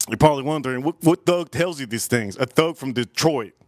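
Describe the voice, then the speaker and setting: A man hosts a whiskey tasting livestream in casual, profane chat. He rambles, repeats phrases and breaks into sudden loud bursts. His voice is mid-pitched and sits dry and close to the mic. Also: lively intonation, brisk, dry recording. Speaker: whiskey reviewer and livestream host.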